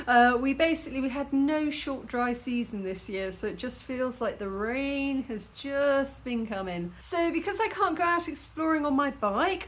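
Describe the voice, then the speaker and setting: A woman casually reacting to a travel video, chatty and jokey, laughing often. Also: high-pitched. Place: indoors at home.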